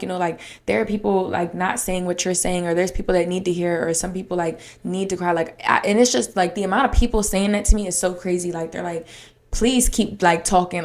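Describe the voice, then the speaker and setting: Candid young woman rambling on her podcast. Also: lowish voice. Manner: rambling, frequent "like" fillers, candid and emotional. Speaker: podcast host. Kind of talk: casual solo podcast chat.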